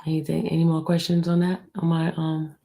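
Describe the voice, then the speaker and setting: A woman hosting a livestream, speaking low and hushed, near a whisper, and answering her viewers in a blunt, defensive way. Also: monotone, a little fast, gravelly. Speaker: livestream host. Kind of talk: livestream talk answering the chat.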